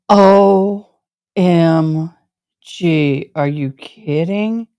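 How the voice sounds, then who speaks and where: A woman's voice: fairly low pitch, gravelly, dry recording. A woman hosting a live stream from her home, chatting casually and talking straight to her viewers. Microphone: camera setup.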